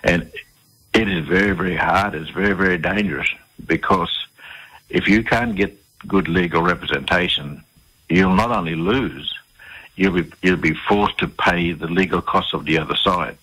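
A man's voice: deep voice, lively intonation, normal speed, bright, forceful tone, breathy edge, low-quality recording. An Australian man telling stories in a conversational interview as the guest, acting out the dialogue and often repeating words while he searches for them.

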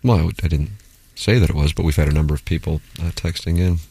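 A man's voice: very deep voice, fast, warm tone, husky, no echo. A man hosting a talk radio show, reading listener texts aloud and teasing his co-hosts in casual banter.

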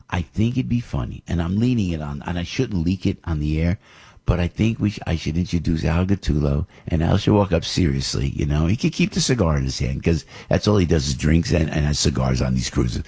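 Radio host guy rambling on, gravelly and kinda husky, lowish voice, gets all excited. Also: brisk. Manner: rambling, excitable, laughs a lot. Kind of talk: casual radio banter.

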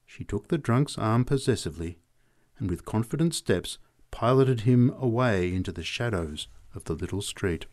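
Man reading stories with lively expression. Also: fairly low pitch, moderate pace. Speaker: narrator. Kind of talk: story reading.

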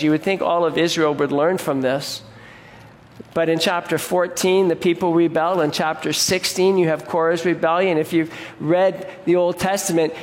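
An earnest male pastor delivering a sermon in a conversational way, often restarting his words mid-thought. His voice sits a touch high for a man. It rings out with a long reverb in a large hall. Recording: echoey hall.

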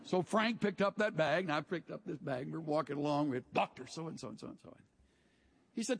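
Pastor, male, husky voice; folksy sermon storyteller with dry wit. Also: on the high side, a little fast.

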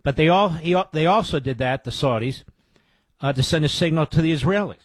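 A man's voice: a little high, brisk, dry recording. A man hosting a talk radio show, giving blunt political commentary in short declarative statements.

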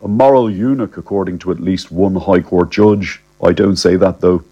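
A man telling a comic first-person story in a cheeky, deadpan, slangy way. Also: sits low, moderate pace, slightly rough, dull audio.

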